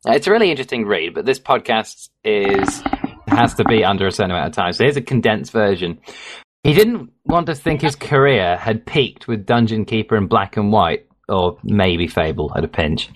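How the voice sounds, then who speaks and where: A man's voice: fairly low pitch, animated, normal speed. An English man with a Midlands accent, co-hosting a podcast in a rambling, self-mocking way and laughing easily. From England. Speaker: podcast co-host. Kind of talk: casual podcast chat.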